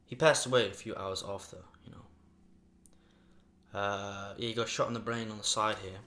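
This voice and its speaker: A man's voice: lowish voice, fairly even intonation, unhurried, a bit bright. A young man talking casually in a rambling mukbang vlog, swearing freely, recorded in a sparsely furnished room at home that he says echoes. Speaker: mukbang vlogger.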